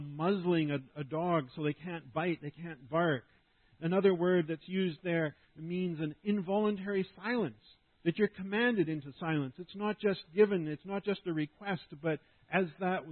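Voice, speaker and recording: A male pastor delivers a sermon to his congregation, earnest and deliberate. He often lets his voice sink to a near-hush at the end of a phrase. The sound is dry and narrow, like a phone line. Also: a little high, dry recording. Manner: earnest preaching, dropping to a hushed voice at phrase ends. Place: church service.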